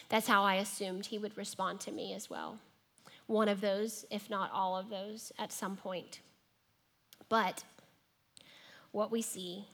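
Woman preacher, sermon delivery, voices imagined lines, hushes for emphasis. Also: mid-range voice. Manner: acts out imagined dialogue, dropping to a hush for emphasis.

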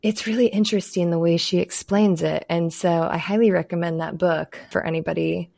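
A woman hosting a podcast, talking in a reflective, unhurried way with frequent "like" fillers. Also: on the low side, steady tone, gravelly, mellow, dry recording, clean studio sound. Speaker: podcast host. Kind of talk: casual podcast conversation.

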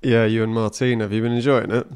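A man's voice: medium pitch, little pitch movement, fast, darkish tone, clear, resonant tone. Chatty, teasing male podcast co-host. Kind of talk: casual chat.

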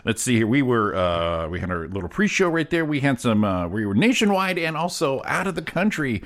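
A man's voice: mid-range voice, sing-song, fairly quick, a bit bright. A man co-hosting a morning show in casual chat, upbeat and laughing often.

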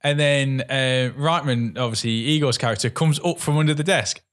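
A man's voice: medium pitch, normal speed. A man co-hosting a casual film podcast, retelling scenes with frequent laughs and some swearing. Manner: animated storyteller, laughs often, swears. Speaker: podcast co-host.

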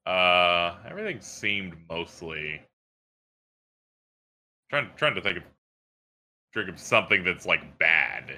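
A man with a fairly low but very bright, tense voice chats as a podcast co-host. He hesitates often and repeats words as he works out his thoughts. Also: very animated, slow pace, pauses often, a little hiss or hum. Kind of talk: casual podcast chat.

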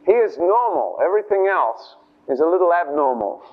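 Man preaching, animated, high and lively voice, thin phone-like radio sound. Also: moderate pace. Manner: animated, chatty, acts out the story's voices. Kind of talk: informal sermon storytelling. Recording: tinny lo-fi radio broadcast.

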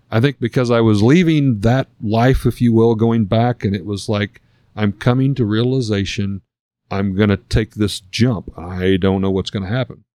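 A middle-aged man sits for an interview and talks through a personal story in an earnest, reflective way. His voice sits a little low, and the sound is dry and close, with no room around it. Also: warm tone, no echo. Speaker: guest sharing a personal story. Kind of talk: conversational storytelling.

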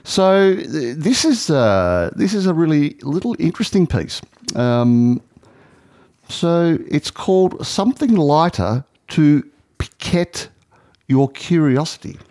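A man's voice: a little high, big pitch swings, slow, a little mellow. A man co-hosting a casual radio chat, reading news items aloud with many fillers and restarts. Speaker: radio co-host.

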